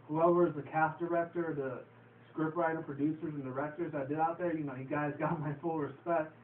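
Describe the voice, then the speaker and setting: A young man with a slightly high voice, a vlogger reviewing a movie, recaps a comedy film in a loose, profane, rambling way and laughs at his own retelling. The audio is echoey and phone-quality, recorded from a distance, with slight background noise.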